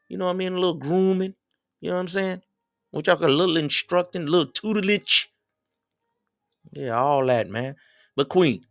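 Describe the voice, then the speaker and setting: A middle-aged man, preaching relationship advice on a livestream. His pitch swings widely, and he sits a little high for a man. The sound is dry, with faint music underneath. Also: dry recording. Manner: preachy, animated, quotes others in raised voices. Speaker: livestream host. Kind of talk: casual advice talk to viewers.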